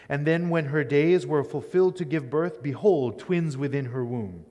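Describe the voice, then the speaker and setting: A man's voice: fairly high pitch, normal speed, few pauses, mellow, long reverb tail, lo-fi sound. A man giving a conversational Bible lecture as a teacher, often checking in with his listeners. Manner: conversational, keeps asking "right?". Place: church.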